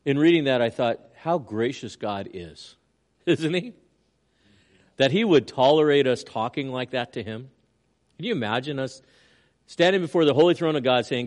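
An older man, a pastor preaching a sermon, earnest, with loud emphatic lines and quiet asides, in a mid-pitched voice. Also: normal speed.

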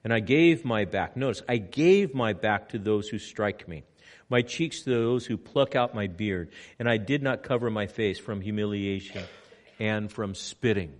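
A man preaching a sermon with slow, emphatic delivery, swinging between loud passages and hushed ones. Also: lowish voice. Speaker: pastor. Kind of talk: sermon on location.

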